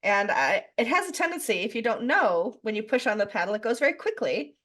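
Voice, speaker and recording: A woman's voice: fairly high pitch, big pitch swings, brisk, a bit bright. A middle-aged woman hosting a podcast interview, playful and teasing, telling stories with laughter. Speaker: podcast host. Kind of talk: casual interview chat.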